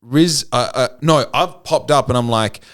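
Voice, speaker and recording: A man with an Australian accent, hosting a podcast and telling a story in casual chat. He talks in an animated way, swears freely and often laughs. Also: medium pitch, unhurried. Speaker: podcast host.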